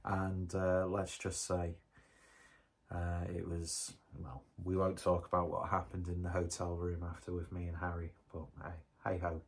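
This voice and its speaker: Man, deep low voice, loose rambling jokey beer-vlog delivery. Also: monotone, measured pace, husky. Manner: rambling, jokey, self-mocking. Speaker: beer reviewer. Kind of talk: casual review vlog.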